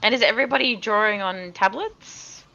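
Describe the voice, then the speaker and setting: A woman's voice: mid-range voice, moderate pace, creaky, bright, forceful tone. A woman chatting casually with enthusiasm, encouraging the others as they draw. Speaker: co-host of an art stream. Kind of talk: casual chat. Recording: dull lo-fi call audio, faint noise.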